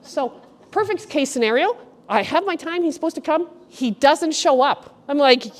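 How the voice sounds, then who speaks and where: A middle-aged woman curator giving a chatty, animated walk-through talk to a group in an art gallery. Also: high voice, normal speed. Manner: chatty, animated storyteller, addresses the group directly. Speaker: guest curator. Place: art gallery exhibition room.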